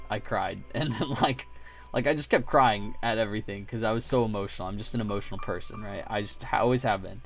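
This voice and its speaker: Rambling, animated male streamer. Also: lowish voice. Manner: rambling storytelling, acts out voices and sounds, swears freely. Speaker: livestreamer building models. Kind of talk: casual livestream chat. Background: faint music playing.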